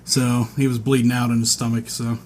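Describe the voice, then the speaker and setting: A man's voice: medium pitch, flat delivery, brisk. A man co-hosting a podcast, telling a crude story in a blunt, joking way. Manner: blunt, joking, loud outbursts. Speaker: podcast co-host. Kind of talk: casual profane podcast chat. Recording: faint background noise.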